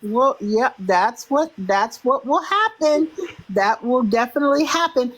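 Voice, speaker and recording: A woman hosting a casual live stream, talking gossip in a sassy, drawn-out way. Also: on the high side, poor audio.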